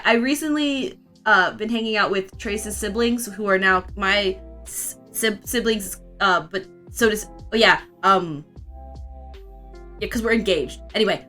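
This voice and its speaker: Bright, giggly young woman streamer. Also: medium pitch. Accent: vaguely Southern US. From Florida, US. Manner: rambling, giggly, chatty. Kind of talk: casual chat while drawing and reading chat.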